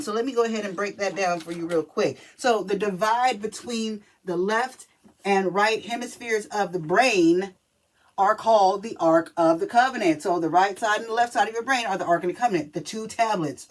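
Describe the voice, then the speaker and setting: A woman's voice: medium pitch, normal speed. A woman talking casually to camera as a spiritual reader, chatty and emphatic, often checking in with the listener. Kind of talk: casual spiritual reading video.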